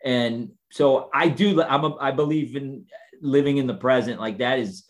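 A man's voice: medium pitch, moderate pace. A man in his fifties, a guest in a casual interview, talking in a reflective, hesitant way with many restarts.

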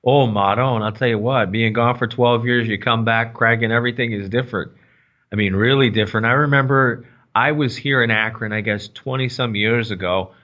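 A man's voice: medium pitch, bright, forceful tone, lo-fi sound. A man hosting a tennis podcast in a casual, enthusiastic, rambling way from a small studio. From United States. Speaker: podcast host. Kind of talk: casual sports chat. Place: small library recording studio.

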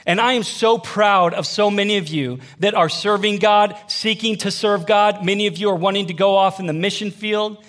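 A man in his thirties preaching to young adults, lively and conversational, often pausing for the room to answer back. His voice sits a bit on the high side for a man, and he talks to the crowd like friends. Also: soft background music. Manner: animated, conversational preaching with call-and-response. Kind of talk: sermon.

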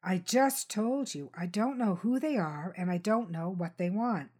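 A woman's voice: mid-range voice, unhurried, a little mellow, slightly rough. A woman voicing a fifteen-year-old runaway boy who answers curtly and defensively.

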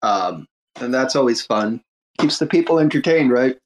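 A man's voice: mid-range voice, animated, normal speed, low-quality recording. A man in a casual online chat who talks hesitantly, restarting his words.

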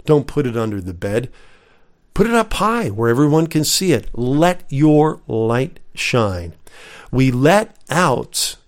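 A man from the United States giving a recorded Bible lesson, reading scripture aloud with pauses and earnest emphasis. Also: mid-range voice, big pitch swings. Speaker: Bible teacher.

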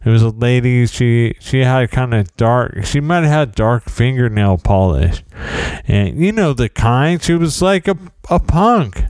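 A man's voice: mid-range voice, animated, measured pace, darkish tone, clean tone, no room sound. A middle-aged man hosting a podcast, telling rambling, self-deprecating stories in a casual solo monologue. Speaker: podcast host.

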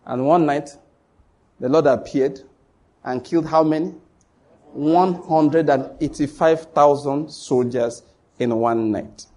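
A man's voice: on the high side, slow pace, pauses often, warm tone. A man with a Nigerian accent preaching a sermon to his congregation, emphatic and repetitive, speaking straight to the listeners. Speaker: pastor.

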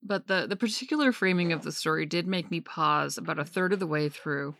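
This creaky-voiced woman in her thirties speaks briskly as co-host of a book podcast, keeping the chat casual. She brings quotes to life with animation, switching to a higher voice for them. The recording is dry, with clean studio sound.

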